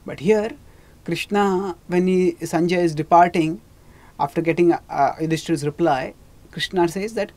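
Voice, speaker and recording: A teacher retelling an old epic in a measured, explanatory lecture, with frequent restarts and fillers. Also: medium pitch, a little mellow. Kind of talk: storytelling lecture.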